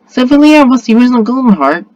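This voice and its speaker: A man voicing a bold, cheeky young girl who talks quickly in a raised voice. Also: extremely high pitch, sing-song, a little mellow, dry recording, pitched above the performer's own voice, poor audio.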